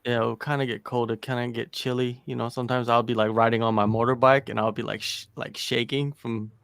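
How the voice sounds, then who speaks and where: A man's voice: medium pitch, level tone, a little fast, creaky, a bit bright, smooth, no echo. A man joining a casual chat, telling stories in a jokey, drawling way. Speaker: co-host.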